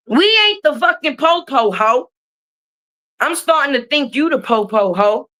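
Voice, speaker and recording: High-voiced, profane, confrontational woman streamer. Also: animated, unhurried, pauses often, sharp tone. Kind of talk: livestream rant. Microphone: streaming mic.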